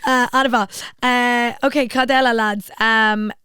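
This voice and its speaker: Smooth-voiced Irish woman hosting. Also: a little high, fairly even intonation, unhurried, bright, forceful tone, no echo, clean studio sound. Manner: chatty, storytelling, mixes Irish and English. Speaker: podcast host. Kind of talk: casual chat. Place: studio.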